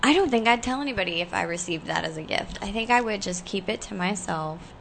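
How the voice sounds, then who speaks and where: Lady cohost on internet radio, amused, throws in questions, mid-pitch voice. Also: lively intonation, vocal fry, fairly bright tone, slight background noise. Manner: amused, quick reactions and questions. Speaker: radio co-host. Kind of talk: casual on-air chat.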